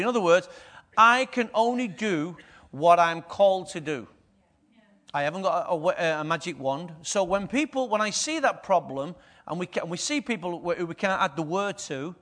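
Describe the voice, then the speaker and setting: A man's voice: high voice, fairly bright tone. A middle-aged man, preaching a conversational sermon and often asking the congregation questions. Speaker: pastor.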